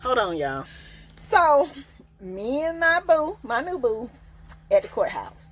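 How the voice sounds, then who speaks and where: A young woman telling a casual storytime, loud and sassy, acting out each quote. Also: slow, low-quality recording. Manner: animated, acts out quotes with big pitch jumps; loud, sassy, Southern Black vernacular. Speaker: storyteller vlogger.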